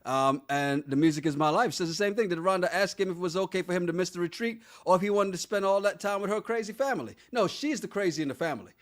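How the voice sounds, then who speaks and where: A man's voice: sits high, fast, few pauses. A man co-hosting a podcast in casual chat, laughing often and reading out listener comments. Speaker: podcast co-host.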